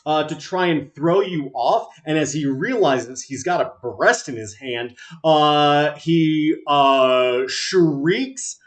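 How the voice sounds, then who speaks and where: A man narrating as game master of a tabletop game, halting and full of filler sounds. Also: fairly high pitch.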